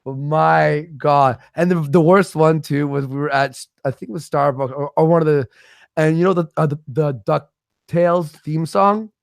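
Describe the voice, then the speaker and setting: Creaky, profane man telling stories. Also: fairly high pitch, normal speed, dry recording, studio quality. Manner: profane, rambling storyteller. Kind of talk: casual livestream chat.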